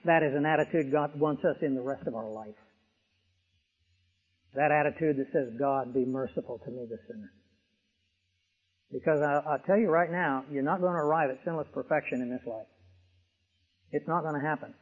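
A man's voice: on the high side, brisk, pauses often, breathy edge. A man preaching an expository sermon, emphatic, with vivid illustrations. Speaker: pastor. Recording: tinny radio broadcast with long reverb.

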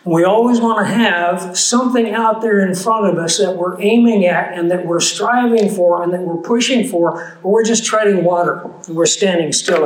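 A man's voice: high voice, roomy sound, poor audio. A man preaching a sermon, telling a personal story in an earnest, conversational way.

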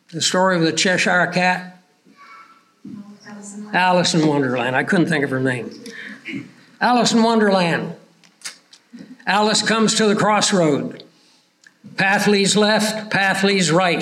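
A man preaching a sermon, slowing down to stress his points. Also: high voice, fairly bright tone.

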